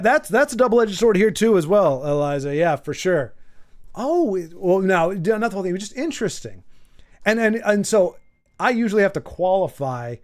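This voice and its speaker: A man hosting a casual stream, reading out chat and thinking aloud, rambling and often repeating words as he goes. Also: sits high. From United States. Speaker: livestream host reading chat.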